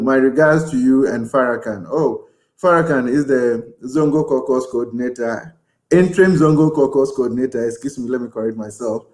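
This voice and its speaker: A man's voice: mid-range voice, a little mellow. A man hosting a live show, chatty and effusive, reading out viewer comments and thanking them. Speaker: host.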